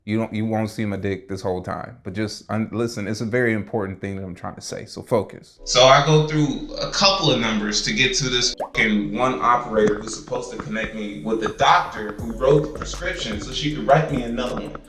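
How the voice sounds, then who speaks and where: A man's voice: on the low side, fairly quick, few pauses, fairly bright tone, roomy sound, far from the mic, poor audio. A young man ranting profanely and with exasperation in a casual vlog. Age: young adult. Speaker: vlogger.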